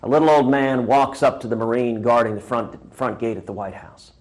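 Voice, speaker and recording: Brief: male candidate, punchy stump-speech greeting, mid pitch. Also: brisk, a little mellow. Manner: rallying, punchy repetitions. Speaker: presidential candidate. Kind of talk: recorded New Year greeting with a joke.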